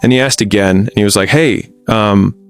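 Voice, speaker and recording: Blunt podcast guest, low creaky male voice, candid and conversational. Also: fairly even intonation, fairly quick, soft background music. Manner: blunt, frank, with frequent restarts.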